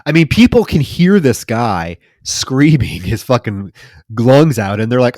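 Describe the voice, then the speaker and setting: A man co-hosting a casual film podcast at a middling pitch. He retells scenes wryly and conversationally, and his voice sounds close and dry with no room around it. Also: big pitch swings, unhurried, no echo. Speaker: podcast co-host.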